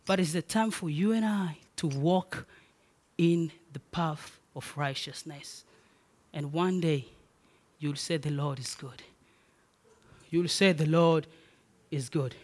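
A preacher giving a sermon, telling personal stories and repeating key phrases in emphatic, rising declarations. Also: medium pitch. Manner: personal storytelling.

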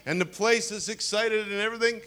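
A man in his sixties preaches with animated energy, his voice sitting a bit high as he tells stories and drops humorous asides to his congregation. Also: a little fast. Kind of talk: sermon.

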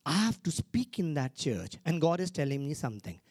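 Animated male preacher with lively pitch. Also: brisk, breathy edge, no room sound, studio quality. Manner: animated, repeats phrases, exclaims hallelujah. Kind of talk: sermon.

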